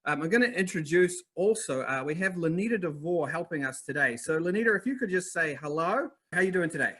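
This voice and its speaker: Energetic New Zealand man hosting a webinar. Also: on the high side, brisk. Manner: upbeat, energetic, talks to chat directly. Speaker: webinar host. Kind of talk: live online masterclass.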